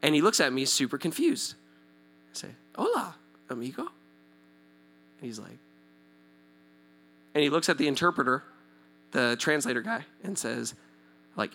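Lively, bright-voiced male pastor. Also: medium pitch. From Southern California. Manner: animated, acts out quoted voices, checks in with the audience. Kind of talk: sermon storytelling.

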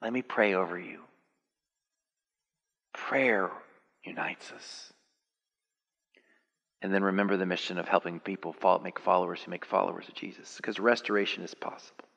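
A man preaching a sermon, animated and building to high, excited peaks. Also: normal speed, gravelly, pauses often. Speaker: pastor. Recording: long hall reverb.

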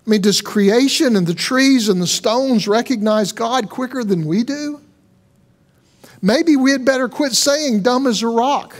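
High-voiced man preaching earnestly. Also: unhurried. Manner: conversational, earnest preaching with rhetorical questions. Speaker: pastor. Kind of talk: sermon.

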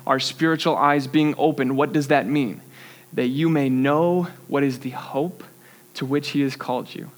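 A young man gives a sermon. His voice sits a little high, and he tells a personal story with animated energy, laughing at himself along the way. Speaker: youth pastor.

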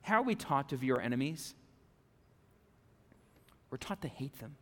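A male pastor preaching a conversational sermon, animated, with frequent "okay?" and "right?" asides to the congregation. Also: mid-range voice, moderate pace, long reverb tail. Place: church sanctuary.

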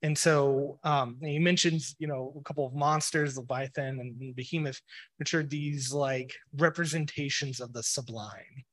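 A man's voice: mid-range voice, fairly even intonation, moderate pace, a bit bright. A man giving a casual, rambling explanatory talk on religion, full of "you know" and "like" fillers. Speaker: speaker on a religious podcast.

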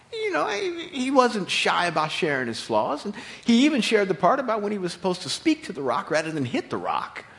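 A male preacher delivers his sermon with animated storytelling. His voice sits a little high and swings widely in pitch, and he often repeats words as he builds a point.

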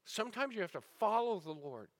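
A male pastor preaching a sermon, telling stories with swings between building intensity and a hushed, somber tone. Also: sits high, big pitch swings, fairly quick. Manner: dramatic storyteller, rising and falling intensity. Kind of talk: sermon storytelling. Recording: sermon audio recording.

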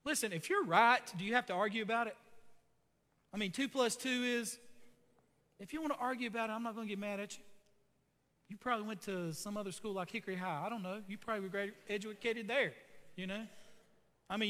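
High-voiced man preaching in an echoing church. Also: quick pace, bright, forceful tone. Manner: conversational, folksy preaching with asides and jokes. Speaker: pastor. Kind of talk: sermon.

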